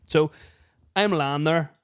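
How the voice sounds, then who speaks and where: A man's voice: a little high, takes it slowly, smooth. A man, co-hosting a podcast and telling comic stories with lots of swearing, laughter and acted-out voices. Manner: animated anecdote-telling, heavy swearing, laughs mid-story, acts out others' lines. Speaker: podcast co-host. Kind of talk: casual chat, comic storytelling.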